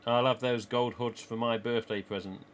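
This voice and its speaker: On a live stream from his small home office, a man with an East Midlands English accent rambles casually with viewers, often laughing. He has a steady, mid-range tone at normal speed, with slight background noise present.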